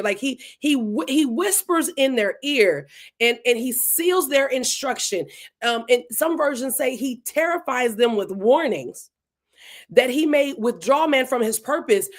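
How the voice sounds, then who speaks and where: A woman teaching a verse-by-verse Bible study in a casual, animated way, acting out the lines of the people in the passage. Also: high voice. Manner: casual, animated, acts out dialogue between speakers.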